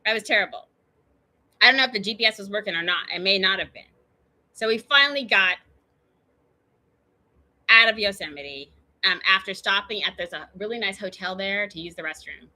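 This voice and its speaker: A woman hosting her own show tells a long personal story, chatting her way through tangents, asides and fillers. Her voice is bright and forceful, with a punchy edge that carries even when she trails off. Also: mid-range voice, fairly quick, pauses often. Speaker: show host.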